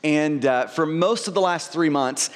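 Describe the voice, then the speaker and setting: Male pastor, high register, earnest sermon delivery with stumbling repeats; long hall reverb. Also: unhurried. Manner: earnest, frequent word repeats and restarts.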